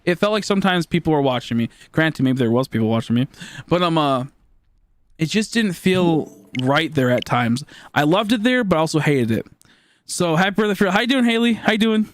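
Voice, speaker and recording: A man in his late twenties, a streamer telling a story in a casual, rambling way with lots of filler words. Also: fairly high pitch. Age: late 20s. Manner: rambling, full of "like" fillers and restarts.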